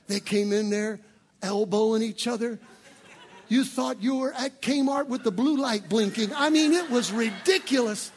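A man preaching a sermon as pastor, rising to shouted peaks and dropping into playful, joking asides. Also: very high-pitched, unhurried.

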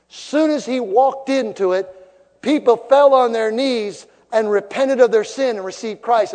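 A man preaching a sermon to a congregation, emphatic, building to loud rising peaks. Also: sits high. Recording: long reverb of a large hall.

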